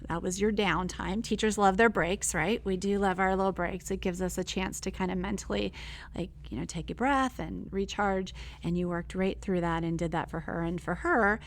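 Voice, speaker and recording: A female teacher and co-host. She chats casually and supportively, with lots of fillers. She is recorded in a school STEM lab. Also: mid-range voice. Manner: chatty, supportive, full of fillers. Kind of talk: casual chat.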